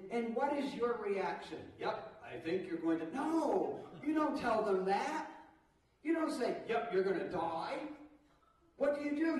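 A middle-aged man preaching an Easter sermon in a church, animated, with asides to the congregation. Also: sits high. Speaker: pastor. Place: church sanctuary. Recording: echoey church hall, mic at a distance.

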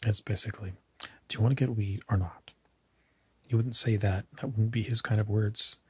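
A man's voice: fairly low pitch, a bit bright, dry recording. A man telling meandering, digressive stories in a casual monologue to camera. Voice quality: husky.

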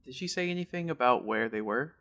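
A man's voice: medium pitch, animated, a little fast, a bit bright. A man hosting a video game playthrough with casual commentary, direct and teasing. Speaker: host.

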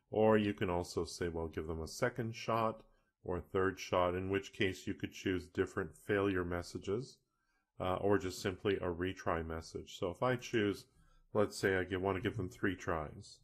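A middle-aged man from Canada explaining software step by step in a casual screen-recorded tutorial, often correcting himself as he goes. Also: sits low. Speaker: e-learning tutorial instructor.

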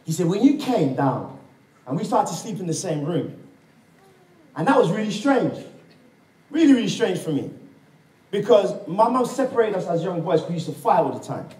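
A male preacher with a high, swooping voice tells his testimony as a story, playing out each voice as he goes. He calls out to the congregation for amens. He sounds roomy and echoey, picked up from a distance in a church hall. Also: very animated, moderate pace, long pauses, mellow. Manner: storytelling, acting out quoted dialogue and calling for amens. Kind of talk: sermon with personal testimony. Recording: echoey room, mic far off.

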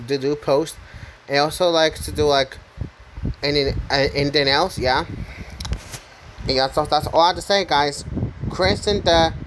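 Guy with a bright highish voice rambling slow about his fave channels, keeps saying "right?", mixes up names. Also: slight background noise. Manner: stumbles over names and corrects himself. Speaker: channel host. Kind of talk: casual screen commentary ranking users.

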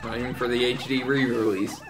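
A man's voice: mid-range voice, flat delivery, a little fast, noisy background. A man casually co-hosting a video game let's play, joking and laughing often and putting on silly voices for the characters. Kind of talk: casual gaming commentary.

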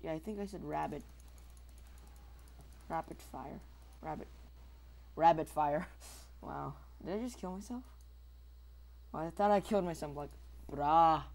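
A man giving casual, rambling commentary over his own gameplay, mocking himself and mouthing squeaky shooting sound effects. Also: a little fast, vocal fry, long pauses, mellow. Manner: rambling, self-mocking asides to viewers. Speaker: gamer recording his own match.

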